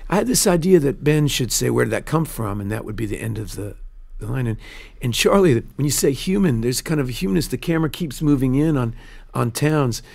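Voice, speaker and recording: A man, a film director, telling stories in a casual studio interview, earnest and animated, often restarting his sentences. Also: mid-range voice, creaky. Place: radio studio.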